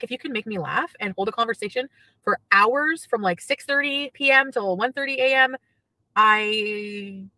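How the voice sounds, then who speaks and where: A woman's voice: on the high side, pushed and bright, no echo, low-quality recording. A woman chatting casually on a livestream from her car, gossiping and reading out chat messages.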